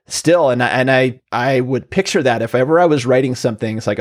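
A man hosting a medical podcast, an emergency physician who chats casually and tells self-deprecating stories from his work with animated energy. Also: medium pitch, brisk, few pauses. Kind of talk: casual chat, anecdotal storytelling.

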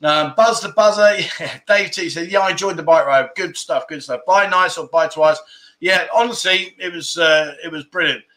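A man's voice: on the high side, moderate pace, sharp tone. A man hosting a casual livestream, chatting and reading viewer comments, laughing often and tripping over his words. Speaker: livestream host.

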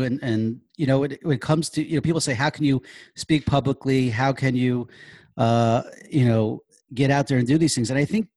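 A man's voice: medium pitch, darkish tone, no room sound. A man hosting a casual interview, asking questions in an enthusiastic, affirming way. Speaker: podcast host.

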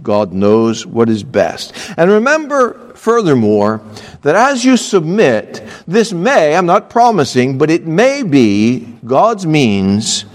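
A man's voice: a little high, wildly swooping pitch, slow, in a large hall. A man preaching a sermon from a church pulpit, earnest and emphatic, with offhand asides. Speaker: pastor.

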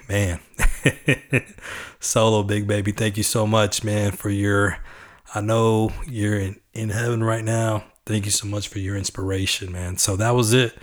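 A man's voice: fairly low pitch, little pitch movement, a little slow. A man from Texas hosting a podcast, chatting casually and with enthusiasm about the songs he plays. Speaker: podcast host.

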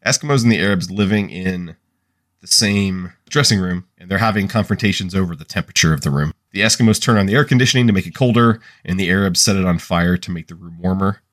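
A man's voice: deep voice, fast talker, fairly bright tone. A man co-hosting a podcast, wryly recapping an episode in casual chat. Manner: recapping, wry. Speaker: podcast co-host.

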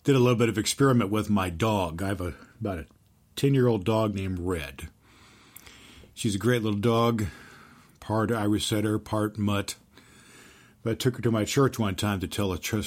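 A man hosting an inspirational podcast, giving an earnest faith-based teaching and telling stories, slowing down to stress key phrases. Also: on the low side. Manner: earnest, with slowed emphatic phrases and storytelling. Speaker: podcast host and Christian teacher.

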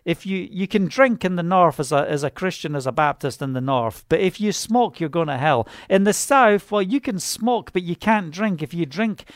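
A fervent man preaching with a high, light voice, telling his testimony in a loose, rambling way. Fillers keep spilling in between his bursts of zeal. The sound is close and dry, with no room around it. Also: lively intonation, normal speed, hardly any pauses, dry recording. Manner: fervent, rambling, with many "you know" fillers. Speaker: minister. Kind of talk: personal testimony sermon.

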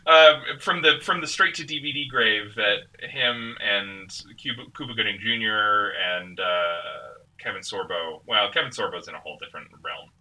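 A man's voice: lowish voice, moderate pace, few pauses, pushed and bright, distant mic, low-quality recording. A man hosting a podcast in casual chat, rambling with fillers and frequent giggles. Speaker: podcast host.

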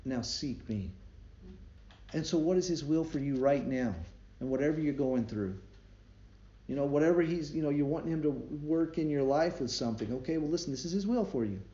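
A man's voice: a little high, brisk, mellow. A man giving a conversational devotion sermon, telling stories and laughing along the way. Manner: conversational, storytelling preaching with laughs. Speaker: devotion speaker. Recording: roomy, slightly dull recording with faint ambience.

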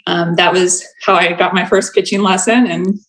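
A woman's voice: on the low side, little pitch movement, normal speed, crowd noise, low-quality recording. A young woman telling a personal story in casual chat, laughing often and filling her talk with "like". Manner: chatty, laughs often, many "like" fillers.

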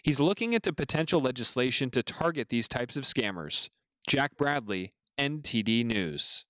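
A man reporting a news package in a crisp, even voice-over. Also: medium pitch, normal speed, no room sound.

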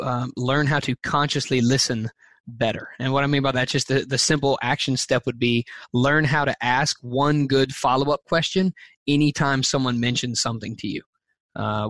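A man's voice: mid-range voice, a bit bright, no room sound. A man being interviewed as a teacher and speaker, answering earnestly and thoughtfully, with frequent fillers and restarts.

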